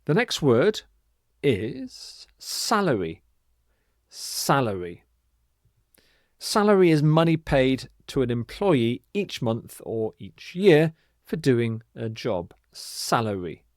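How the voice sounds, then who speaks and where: Slow, careful man teaching vocabulary. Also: mid-range voice, sing-song, darkish tone, dry recording, clean studio sound. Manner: slow, careful, emphatic pronunciation with repetitions. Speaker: English teacher. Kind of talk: vocabulary lesson.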